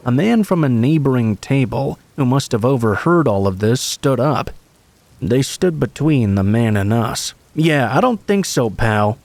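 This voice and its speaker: A man's voice: medium pitch, darkish tone. Man reading scary stories aloud. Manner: casual, friendly YouTube delivery. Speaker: host and story narrator.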